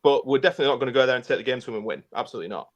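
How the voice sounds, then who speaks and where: Man, mid-pitched voice, blunt, stammered repeats, casual football chat over a remote call. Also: animated, racing, lo-fi sound. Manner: blunt, repeats words while thinking. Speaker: podcast co-host.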